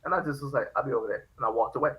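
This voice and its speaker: A man's voice: medium pitch, very fast, bright, forceful tone, rough recording. A man hosting a podcast, telling a story in casual chat and acting out the quoted lines. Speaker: podcast host.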